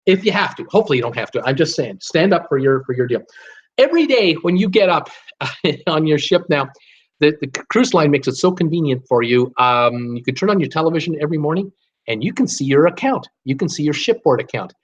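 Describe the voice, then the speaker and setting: A man's voice: fairly high pitch, animated, fairly quick, slightly rough, lo-fi sound. An older man hosting a live cruise talk, giving blunt, fired-up advice in a ranting manner. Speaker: cruise vlogger host.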